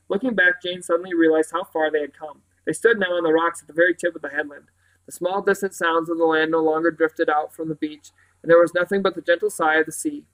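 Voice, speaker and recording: A man's voice: on the high side, fairly even intonation, fast talker, a bit bright, poor audio. A man reading a children's novel aloud, carefully, with occasional slips and restarts. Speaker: reader.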